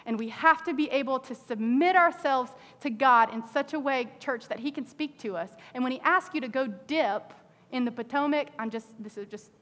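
A woman pastor preaching an animated sermon to her congregation, acting out people's prayers in an exasperated voice. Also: high-pitched, normal speed. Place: church sanctuary with a congregation. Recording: reverberant church hall.

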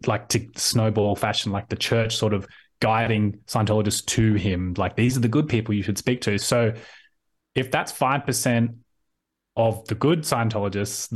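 Australian man as interview guest over video call; chatty, restarts often, acts out quotes. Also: lowish voice. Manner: rambling with frequent restarts, acts out quoted voices. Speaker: podcast guest. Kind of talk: casual conversational interview.

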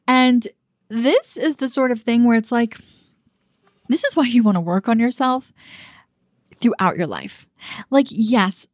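A woman's voice: fairly high pitch, no echo, studio quality. A young woman, a dating coach, giving frank and emphatic casual commentary with frequent fillers and some swearing.

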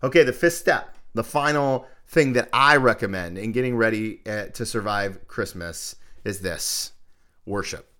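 A man, a pastor, giving a sermon with practical advice, emphatic and repeating key phrases with energetic swings in pitch and loudness. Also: measured pace, clear, resonant tone.

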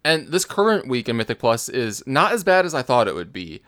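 A man co-hosting a casual gaming chat, relaxed and easygoing. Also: medium pitch, a little fast, no echo, studio quality. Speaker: podcast co-host.

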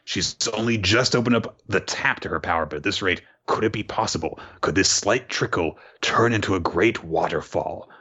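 A man voicing a thoughtful male mentor who muses quietly to himself. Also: low voice, normal speed, hardly any pauses, slightly rough, highs cut off, full character voice. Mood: pondering.

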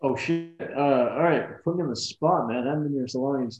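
A man chatting casually as a guest on a podcast, easygoing and quick to laugh. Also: mid-range voice. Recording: echoey room with music behind.

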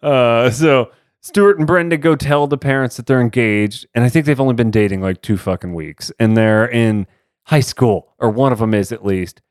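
Man, thirties, podcast co-host, animated, swears a lot, dry close sound. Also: mid-range voice, normal speed, clear, resonant tone, dry recording. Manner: animated, swearing, frequent laughs. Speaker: podcast co-host recapping a TV episode. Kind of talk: casual chat.

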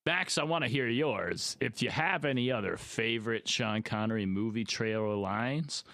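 A man co-hosting a podcast, speaking softly and eagerly in casual chat. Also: medium pitch, moderate pace, gravelly, no room sound.

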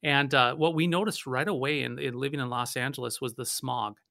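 A male pastor from North Dakota talks through a theological discussion, telling stories in an animated way with frequent restarts. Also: medium pitch, a little fast, vocal fry, no room sound, studio quality.

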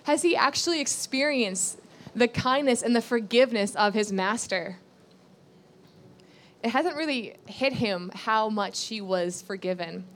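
A woman's voice: on the high side, animated, measured pace, a bit bright. A woman giving a sermon, reading scripture aloud and explaining it earnestly, repeating key phrases and asking rhetorical questions. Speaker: Bible teacher.

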